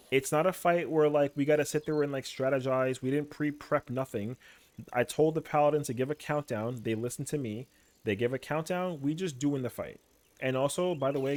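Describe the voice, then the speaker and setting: A young adult man, a streamer, telling animated, slangy stories in casual chat. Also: on the high side.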